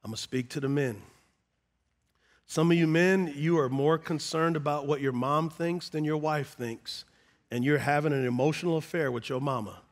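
A high-pitched middle-aged man delivers a sermon in a large church sanctuary. He talks right to the people in front of him and swells to loud, shouted emphasis. His voice carries a long reverb from the hall. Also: normal speed. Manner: preachy, builds to shouting, call-and-response asides. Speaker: pastor.

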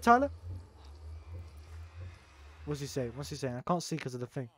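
A man's voice: mid-range voice, very animated, moderate pace. A young adult man streaming live, bantering crudely with his chat, laughing and teasing, with a sore throat.

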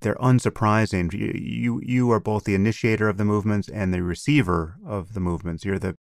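A man co-hosting a podcast in casual conversation, explaining ideas in a measured way with frequent restarts. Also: fairly low pitch, fairly even intonation, gravelly, no room sound, studio quality. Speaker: podcast co-host.

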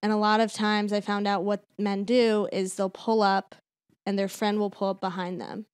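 A woman's voice: medium pitch, level tone, normal speed, clear, resonant tone, no room sound, studio quality. A woman comedian, a podcast guest, telling a personal story in a candid, detailed way during casual chat.

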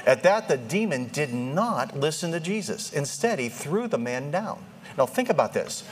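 Male preacher, animated and joking, pitch jumping all over, faint room noise behind. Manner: animated, joking, acts out quoted voices. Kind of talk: sermon.

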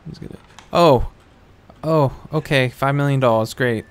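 A man streaming a horror game, reacting loudly and jumpily with frequent cursing and laughter. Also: medium pitch, moderate pace, clean tone. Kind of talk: live gameplay commentary. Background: game music.

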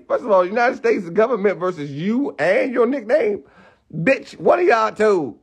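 A man with a slightly high voice that jumps all over the place, ranting casually on a livestream. He swears freely, laughs between lines and talks in a mocking tone. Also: measured pace. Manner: profane, mocking, animated; laughs often. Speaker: livestream host.

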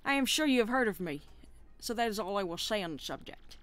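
A woman's voice: mid-range voice, expressive, fast talker, a bit bright, lightly acted. A woman voicing a pompous, self-assured male penguin detective who speaks in a formal, theatrical way.

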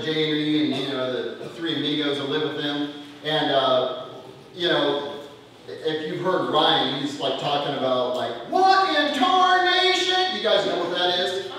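A man giving an animated, casual youth sermon at a camp, getting the crowd to shout along. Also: sits high. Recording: echoey hall from far off, faint noise.

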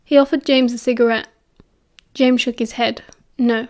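A woman with a British accent reading an audiobook in an even, measured way. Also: on the high side. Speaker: audiobook narrator. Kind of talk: audiobook narration.

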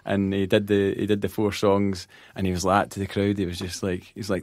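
A Scottish man, a band manager and podcast guest, telling lively anecdotes in casual chat, acting out quotes and laughing often. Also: on the low side, fairly quick, few pauses, no room sound.

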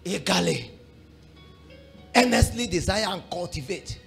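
A pastor with a high-pitched voice that carries a gravelly edge, preaching with fervent swings between hushed prayer and shouting. His tone is bright and forceful, and he presses his points home with passion. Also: big pitch swings, measured pace, faint music behind. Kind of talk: sermon.

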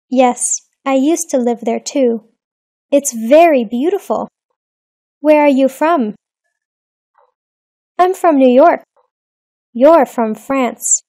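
A woman reading short lesson dialogues in a slow, deliberate, evenly paced way. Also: high-pitched, dark tone, no room sound, studio quality. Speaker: English lesson reader.

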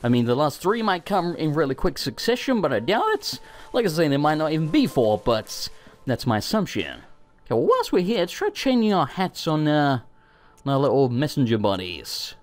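A man giving excited gaming commentary, swearing and bursting out in panic as he plays. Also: on the high side, moderate pace. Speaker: let's play host.

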